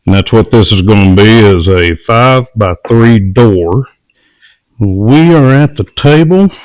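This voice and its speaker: Brief: man, lowish voice, slow and matter-of-fact, dry close sound. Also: lively intonation, a little mellow, smooth, no echo. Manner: plain, matter-of-fact step-by-step talk. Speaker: homesteader building garden doors. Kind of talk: casual build narration. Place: workshop or outdoor work table.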